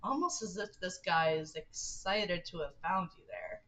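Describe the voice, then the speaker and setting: A woman's voice: fairly low pitch, animated, unhurried, fairly bright tone, low-quality recording. A young woman livestreaming a dating game, reading its text aloud with giggly, chatty asides. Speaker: streamer.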